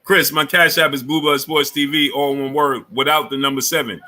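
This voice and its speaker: Bright-voiced man greeting his live chat. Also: a little high, steady tone, fairly quick. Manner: greets chat users one after another, many fillers and repeats. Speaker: livestream sports show host. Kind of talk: casual live chat reading viewer names.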